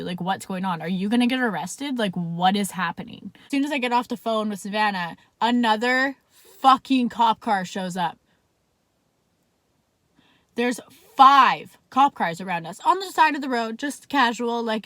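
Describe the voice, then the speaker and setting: With a slightly high voice and no room sound, a young Canadian woman vlogs a story in a loose, chatty manner. "Like" turns up constantly in her speech, along with plenty of swearing.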